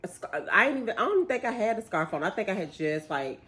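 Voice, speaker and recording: A young woman, casually telling a story, animated and laughing as she acts out what people said. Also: medium pitch, fast talker. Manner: animated, laughing retelling with quoted voices. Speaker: vlogger, bride-to-be.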